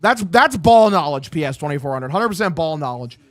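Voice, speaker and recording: A man's voice: a little high, lively intonation, a little fast, soft background music. A young man streaming a baseball video game, calling plays like an announcer and ranting bluntly with lots of swearing. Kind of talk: casual gaming stream commentary.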